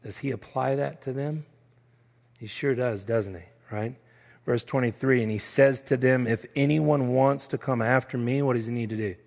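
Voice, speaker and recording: A male Texan pastor preaches in a relaxed, conversational way, checking in with the congregation and slipping in playful asides. His voice has a gravelly edge. The sound rings with the long reverb of a church hall. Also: mid-range voice, normal speed. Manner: conversational preaching, often adding "right?"; self-described nerdy, playful asides. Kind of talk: sermon. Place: church sanctuary.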